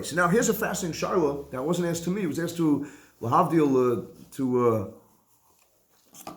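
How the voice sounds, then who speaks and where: A man, a rabbi, giving a lively conversational halacha class. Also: a little high. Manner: animated, conversational, mixes Hebrew and Yiddish terms. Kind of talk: Torah class lecture. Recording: echoey room.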